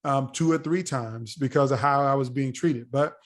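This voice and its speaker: A man in his forties, a podcast guest telling a story in a casual, animated way and acting out the dialogue. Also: medium pitch, normal speed. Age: 40s. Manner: animated, acts out quoted dialogue.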